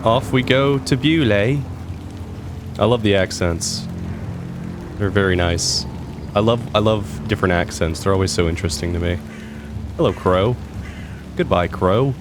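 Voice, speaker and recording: Playful low-voiced man commenting on a game. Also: measured pace, pauses often, noisy background. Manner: chatty, playful, wry. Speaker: gameplay host. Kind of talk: casual let's-play commentary. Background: game music and rain.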